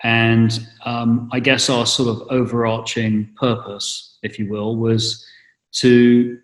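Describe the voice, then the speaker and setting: Slow and flat, this middle-aged man from England speaks in a mid-range voice, the room echoing around him. In a casual interview, he hesitates often, filling pauses and restarting his sentences.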